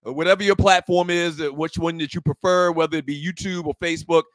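A man's voice: fairly high pitch, steady tone, fast, fairly bright tone, dry recording. A man co-hosting a casual talk show from a bar, joking and reading sponsor promos and chat messages. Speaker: co-host.

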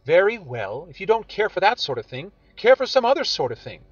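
A man voicing a frank, teasing young woman who questions briskly and speaks in a bright, bossy way. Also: high-pitched, big pitch swings, breathy edge, no echo, voice pushed up, exaggerated voice. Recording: dull audio with faint music.

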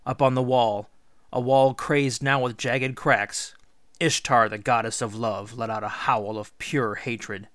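A teacher reading a storybook aloud in a measured, expressive way. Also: male voice, mid-range voice, dry recording. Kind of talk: read-aloud storybook narration.

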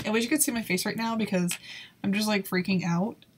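Woman narrating her gameplay, kinda breathy, nervous and exclaiming a lot, laughs a bunch. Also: medium pitch, normal speed, long pauses. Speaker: YouTuber playing a video game. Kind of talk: casual gameplay commentary.

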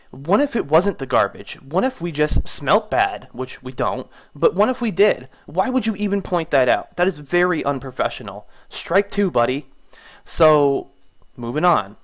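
A young man in casual vlog storytelling, recounting a complaint and getting indignant, his voice rising when annoyed. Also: medium pitch. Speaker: gaming YouTuber.

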